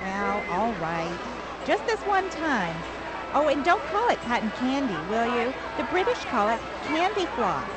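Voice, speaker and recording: A woman's voice: fairly high pitch, big pitch swings, a little slow, a loud crowd, poor audio. A young woman with an American accent acting a firm, lecturing newlywed wife in a scripted learner dialogue. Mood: bossy. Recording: background noise.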